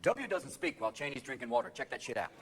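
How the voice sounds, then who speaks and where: A man performing manic, rapid-fire stand-up comedy, constantly leaping into voices and impressions on a theater stage. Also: high-pitched, huge pitch swings, vocal fry. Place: theater stage before a live audience. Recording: live show recording with crowd laughter and noise.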